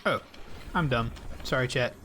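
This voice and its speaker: A man's voice: mid-range voice, normal speed, a bit bright, soft background music. Chatty man streaming a game. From South Carolina, United States. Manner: rambling, chatty, addresses viewers directly. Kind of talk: casual live-stream chat while playing.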